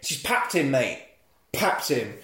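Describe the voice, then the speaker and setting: A man's voice: medium pitch, big pitch swings, slow, fairly bright tone. A man recapping a film plot as a podcast host, jokey and sweary. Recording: echoey room.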